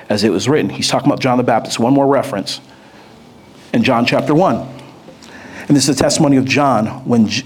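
A man preaching a sermon, moving between steady scripture reading and lively, excited retelling. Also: mid-range voice. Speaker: pastor.

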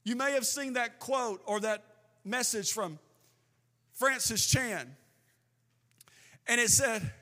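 A man preaching a sermon as pastor, swinging between emphatic bursts and slow, drawn-out phrases. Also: sits high, bright, forceful tone. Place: church sanctuary with a band. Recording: long hall reverb with faint band music.

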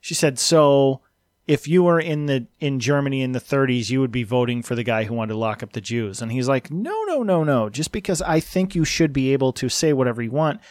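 A man in casual podcast chat, retelling a debate in a measured, analytical way and quoting both sides in a level tone. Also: mid-range voice, a little mellow, dry recording. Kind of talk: casual chat recounting a video.

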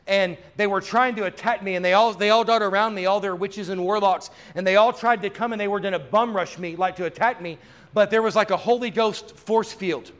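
A man with a notably high voice preaches a charismatic sermon in a church. He is fervent, and his talk builds to loud, drawn-out declarations. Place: church sanctuary.

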